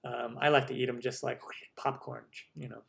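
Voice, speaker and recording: A man's voice: medium pitch, flat delivery, normal speed, creaky, a bit bright. A man from the United States hosting a cooking channel live stream, chatting upbeat through viewer questions with lots of ums.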